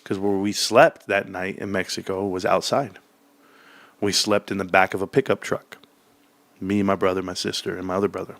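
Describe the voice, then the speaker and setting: In casual chat, a man tells a childhood story at a normal speed, laughing often. He's animated and acts out the childhood voices in a high, excited pitch, with no room sound.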